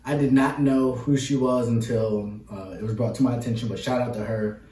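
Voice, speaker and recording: A man's voice: mid-range voice, steady tone, mellow, recorded from a distance, a little hiss or hum. Man co-hosting a casual movie review. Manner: playful, drawn-out fillers. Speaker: podcast co-host. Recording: roomy, mic set back.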